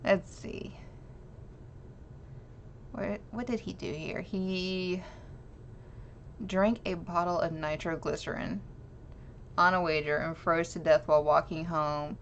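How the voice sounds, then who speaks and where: A woman chatting with viewers on a live stream, reading an old news clipping aloud and giggling at herself. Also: fairly low pitch. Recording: slightly dull lo-fi stream audio with faint noise.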